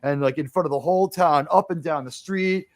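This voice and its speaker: A man with a slightly higher than usual voice chats on a podcast, walking through movie scenes in an animated, rambling way. He stumbles, restarts and fills gaps with "uh" and "you know." The sound is dry and close, with no room around it. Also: brisk, dry recording. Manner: animated storytelling, acting out movie lines; rambling with frequent fillers and restarts. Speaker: podcast host. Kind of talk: casual film discussion.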